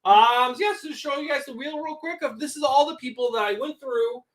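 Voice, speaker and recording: A man co-hosting a casual livestream about comics and beer, upbeat and quick to laugh. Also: extremely high pitch, crowd noise.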